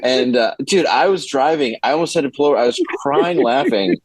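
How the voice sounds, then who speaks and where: A comedian guest on a podcast, this man chats casually in a mid-range voice at a fairly quick pace, telling a story with frequent laughter and acted-out quotes. The audio is poor but has no echo.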